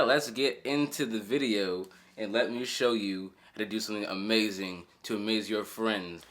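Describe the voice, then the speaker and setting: Young dude, kinda low voice, goofing around while teaching paper folding, rambly and jokey. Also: male voice, fairly bright tone. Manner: jokey, rambling, with mock-dramatic asides and sudden whispers. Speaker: channel host. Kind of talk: goofy origami tutorial vlog. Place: bedroom, at a bare mattress.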